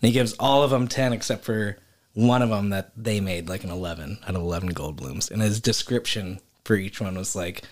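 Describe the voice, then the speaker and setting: A man's voice: lowish voice, brisk. A man in casual chat, retelling a story animatedly with lots of "like" and laughter. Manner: animated storyteller, heavy filler "like", laughs often.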